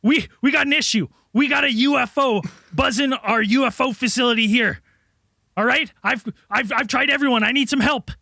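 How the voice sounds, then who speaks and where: A panicked, cursing military commander barks orders and brags about his team, as a man acts him out. The voice sits very high with a sharp, bright ring and some gravel underneath. It sounds dry and close, with no room around it. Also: moderate pace, no room sound, exaggerated voice. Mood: frantic. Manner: yelling, swearing, blustering. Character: frantic shouting male US military base commander. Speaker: podcast host.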